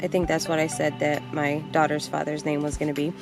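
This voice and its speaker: A young adult woman vlogger telling a personal story in a casual, animated way, blunt and quick to swear. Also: low voice, music in the background.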